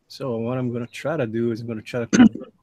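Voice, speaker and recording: Hosting a live drawing stream, this artist talks quickly in a mellow, mid-range voice. He's laid-back, chatting with call guests and reading out messages from chat.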